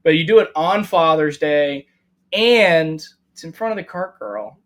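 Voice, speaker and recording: Animated, swearing golf podcast host. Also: male voice, fairly high pitch, unhurried. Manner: animated storyteller, swears freely. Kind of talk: casual golf chat.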